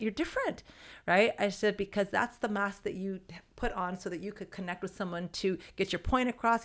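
A woman therapist speaks at a middle pitch with a gravelly edge of vocal fry. She explains in a conversational way, acting out the voices in the quotes she tells and often tagging her points with "right?". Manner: acts out quoted voices, tags sentences with "right?".

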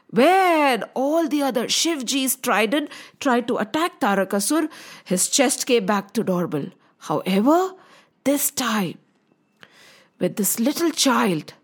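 A woman telling a mythological story to children, lively and expressive. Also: mid-range voice.

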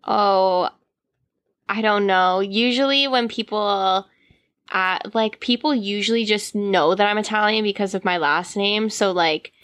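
A woman's voice: medium pitch, measured pace, fairly bright tone, dry recording. A young Canadian woman in casual podcast chat, rambling with lots of fillers and giggles.

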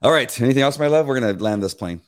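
Animated, lively-pitched man telling stories. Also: racing, no room sound. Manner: animated storyteller, acts out voices, laughs often. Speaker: podcast co-host. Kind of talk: casual chat.

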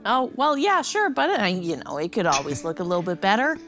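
A woman's voice: medium pitch, huge pitch swings, brisk, a bit bright, soft background music. A woman playing a tabletop game, giggly and hesitant with many fillers. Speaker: player. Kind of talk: casual tabletop play.

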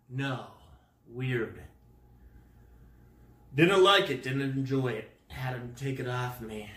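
Man, comic storytelling rant, bright voice, slow unhurried delivery. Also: mid-range voice, roomy sound. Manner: animated, goofy exaggeration, made-up words. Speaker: vlogger.

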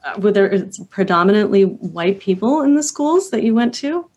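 A woman's voice: medium pitch, animated, moderate pace, darkish tone, breathy edge, lo-fi sound. A woman hosting an interview who asks thoughtful, probing questions and reflects on the answers. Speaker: interview host. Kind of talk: conversational interview.

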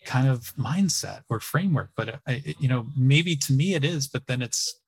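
A man's voice: medium pitch, animated, vocal fry, breathy edge. A man hosting an interview, talking casually with frequent restarts and fillers. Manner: halting, many restarts and fillers. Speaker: podcast host.

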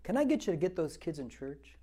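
A man's voice: fairly high pitch, big pitch swings, a little fast, mellow. A man in his sixties preaching a verse-by-verse Bible teaching, talking conversationally and repeating words for emphasis as he builds to fervent exhortation. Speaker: pastor.

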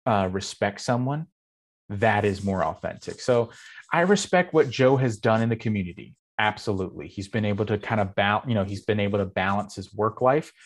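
A man's voice: on the low side, lively intonation, a little fast. A man talking in a casual podcast chat, rambling with many fillers and telling stories with animation. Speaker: game master and guest.

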